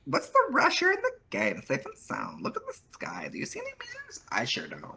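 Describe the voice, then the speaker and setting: A man's voice: wildly swooping pitch, fairly quick, vocal fry, sharp tone, slight background noise, full character voice. A man doing a bossy Valley Girl troll girl. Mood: scornful. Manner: Valley Girl voice, swooping high and pushy. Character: bossy, scornful young female troll. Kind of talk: comic read-aloud.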